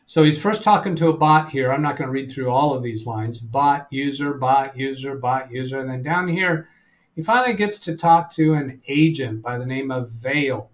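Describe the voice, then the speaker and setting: A man's voice: medium pitch, normal speed. A man hosting a live tech-help stream, walking through the screen in a chatty, wry way and reading chat logs aloud with dry sarcasm. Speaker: tech support channel host.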